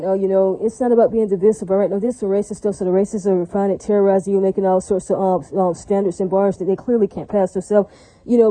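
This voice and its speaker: A woman rambles through a solo monologue at a fast pace, her medium-pitched voice very dark and mellow. She repeats herself, throws in frequent religious asides, and checks that listeners are following. The audio quality is poor.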